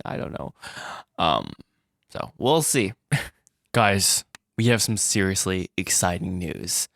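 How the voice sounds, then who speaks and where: A man vlogging about making his animated film, rambling and self-deprecating, with frequent restarts and little laughs. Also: fairly low pitch, a little slow, gravelly, no echo, clean studio sound. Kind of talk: casual solo vlog.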